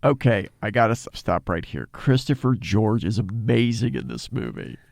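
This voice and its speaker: A man's voice: mid-range voice, moderate pace, creaky, a little mellow, no room sound, studio quality. A man co-hosting a podcast, chatting casually about a movie, laughing often and quoting lines. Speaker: podcast co-host. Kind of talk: casual movie review chat.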